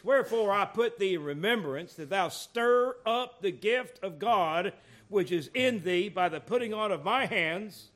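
A high-pitched male preacher lets his voice swoop in lively curves as he gives his sermon. Soft, confidential asides alternate with booming, forceful calls out to the congregation.

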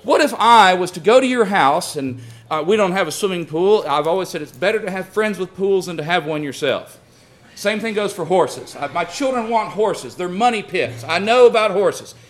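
High-voiced man preaching a folksy sermon. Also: animated, normal speed. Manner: folksy storytelling, addresses the congregation as friends. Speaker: pastor.

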